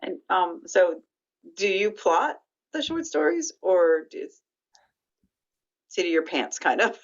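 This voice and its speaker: A woman's voice: on the low side, sing-song, slow. A woman interviewing an author for a library, asking rambling, hesitant questions full of ums. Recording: dull lo-fi sound.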